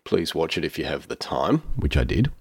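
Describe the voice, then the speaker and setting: A man's voice: very deep voice, moderate pace, husky. A man hosting a podcast, chatting casually and reading out a listener's essay, with frequent "uh" fillers. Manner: relaxed, chatty, with frequent "uh" fillers and small laughs. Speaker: podcast host.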